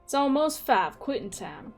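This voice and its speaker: A woman's voice: sits high, big pitch swings, measured pace, soft background music. A woman streamer casually chatting while playing a video game, self-mocking and reading lines aloud. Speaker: gaming streamer. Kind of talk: casual let's-play commentary.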